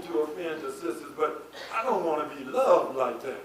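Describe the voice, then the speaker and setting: High-voiced preacher man shouting in an echoey hall. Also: normal speed, crowd noise. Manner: swings from low asides to shouted, sing-song climaxes. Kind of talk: sermon. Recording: echoey hall from far off with faint noise.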